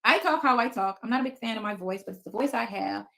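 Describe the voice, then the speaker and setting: A woman's voice: on the high side, lively intonation, quick pace, vocal fry, sharp tone. A woman in her fifties hosting a casual livestream from her basement, talking bluntly and cursing freely as she answers viewers' comments. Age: 50s. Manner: blunt, profane, defiant. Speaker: livestream host. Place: home basement.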